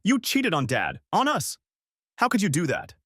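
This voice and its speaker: A man voicing a distraught fifteen-year-old son, raising his pitch and shouting with a cracking voice. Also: wildly swooping pitch, moderate pace, dry recording, clean studio sound, exaggerated voice. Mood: furious. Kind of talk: storybook narration, acted dialogue.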